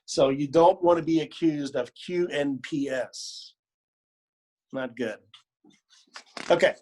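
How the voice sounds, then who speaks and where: A faint hiss or hum accompanies a man instructing a choir in a slow, slightly high, somewhat mellow voice. He focuses on pronunciation and word stress, models phrases by speaking and singing, and slips in playful jokes.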